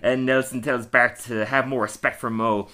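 A man's voice: mid-range voice, flat delivery, moderate pace, pushed and bright. A young man co-hosting a casual review podcast, chatty, often laughing and acting out quoted lines. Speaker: podcast co-host.

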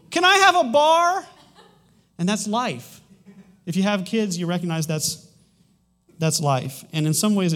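A pastor in his thirties, fairly high-pitched, preaches a sermon conversationally. He restarts often and adds a light humorous touch.

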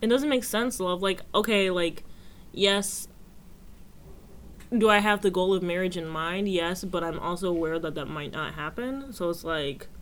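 A woman co-hosting a casual podcast chat, animated and sassy, full of slang and mock-preaching asides. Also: on the low side, normal speed. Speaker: podcast co-host.

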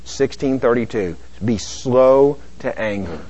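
Animated male pastor with lively pitch. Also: slow pace. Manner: animated preaching, acting out both sides of dialogues. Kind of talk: sermon. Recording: dull lo-fi sermon recording.

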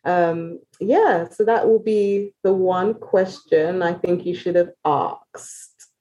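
A British woman speaking as a podcast guest in a candid, casual chat, talking openly and quickly and often restarting her phrases. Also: on the low side, warm tone, highs cut off. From Britain.

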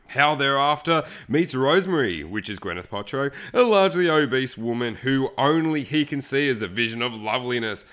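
A man's voice: on the high side, clear, resonant tone. A young man, chatting casually and swearing a lot as he rambles about movies he likes. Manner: rambling, sweary, animated, quick impressions. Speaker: podcast host. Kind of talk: casual solo movie chat.

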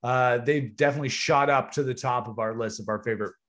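A man's voice: mid-range voice, fast, fairly bright tone. Upbeat man co-hosting a music podcast. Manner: enthusiastic, joking. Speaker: podcast co-host. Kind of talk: casual chat.

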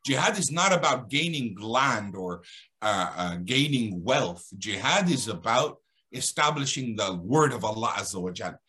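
A man telling a religious story as a guest speaker, animated and dramatic, building emphasis as he goes. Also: mid-range voice, a little slow. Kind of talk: storytelling in an Islamic talk.

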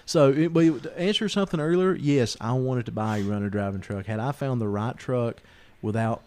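A man's voice: mid-range voice, a little fast. A man, a podcast host telling stories in casual chat and acting out the people he quotes. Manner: animated storyteller, acts out quoted voices.

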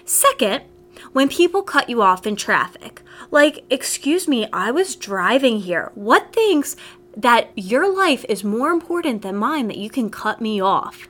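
A woman's voice: a little high, big pitch swings, unhurried, a bit bright. A young woman hosting a casual solo podcast, ranting in a sassy, exasperated way with plenty of rhetorical questions. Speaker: podcast host.

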